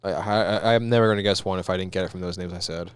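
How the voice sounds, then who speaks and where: Low-voiced laid-back podcast guy. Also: steady tone, very fast, slight background noise. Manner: laid-back, profane banter. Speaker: podcast co-host. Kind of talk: casual chat.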